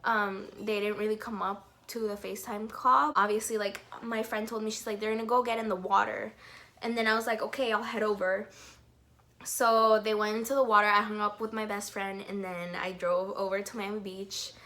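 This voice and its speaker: A young woman vlogs an excited storytime, gushing, saying "like" a lot and breaking into giggles. Her voice is medium-pitched and she speaks at a normal speed.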